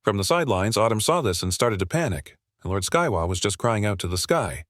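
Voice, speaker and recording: A man's voice: fairly low pitch, very animated, brisk, dry recording, clean studio sound. A man narrating a comic recap in a casual, slangy, breezy way.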